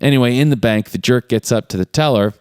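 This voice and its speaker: A man's voice: medium pitch, fast talker, a little mellow, clear, resonant tone, dry recording, studio quality. A man casually recapping a movie plot, acting out characters' lines in raised voices. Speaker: podcast co-host.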